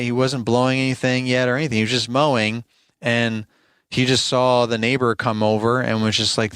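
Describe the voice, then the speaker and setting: A man's voice: on the low side, a bit bright, smooth, no room sound. A man hosting a podcast as a lawn care business owner, telling a rambling, conversational story and sounding exasperated about complaints. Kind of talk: casual storytelling monologue.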